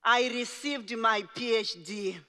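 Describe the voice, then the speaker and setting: A middle-aged woman whose first language is Shona, telling her life story in a slow, deliberate speech with emphatic phrasing. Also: on the high side, bright, forceful tone, faint music behind. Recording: reverberant large hall.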